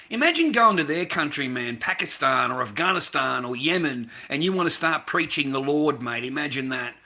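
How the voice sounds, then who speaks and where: Sharp-voiced angry Australian man ranting. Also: a little high. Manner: profane, heated, repeats himself, drops "mate".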